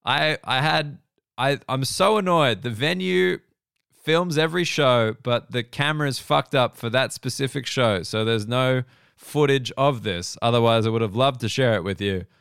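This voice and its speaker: Profane Australian comedian with gravelly voice. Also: male voice, mid-range voice, moderate pace, a bit bright, no room sound, clean studio sound. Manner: rambling, profane, self-deprecating. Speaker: comedian and podcast host. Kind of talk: casual comedic monologue.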